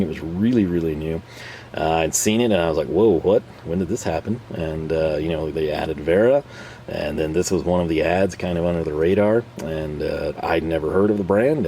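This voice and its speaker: A man's voice: low voice, mellow, a little hiss or hum. A man casually reviewing tools for his channel, rambling and self-deprecating with frequent chuckles. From North America. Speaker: tool reviewer and channel host.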